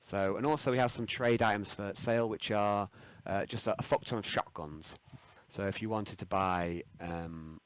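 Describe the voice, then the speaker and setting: A man with a lowish voice narrates as game master, describing shops and items. His delivery is relaxed and halting, with frequent ums. The recording is dry and close. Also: clear, resonant tone, dry recording. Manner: relaxed, many ums and restarts.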